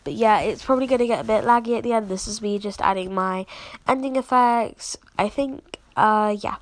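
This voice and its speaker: A woman's voice: mid-range voice, moderate pace, no echo. A sick, congested woman with a cough, chatting casually and apologetically as she walks viewers through her video editing. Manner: chatty and apologetic, lots of fillers. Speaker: video creator showing her editing process. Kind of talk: casual screen-recording walkthrough.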